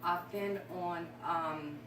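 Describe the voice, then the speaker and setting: Speaking slowly in a lowish voice with fairly even intonation, a woman talk-show guest tells her life story candidly and emotionally, wandering a little. The sound is noisy and echoey, picked up by a distant mic.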